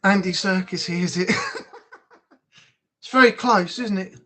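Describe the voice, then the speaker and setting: A man's voice: high-pitched, unhurried, a bit bright, slight background noise. Chatty man hosting a stream. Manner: chatty, frank, swears freely. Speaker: live stream host. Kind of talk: casual live-stream chat.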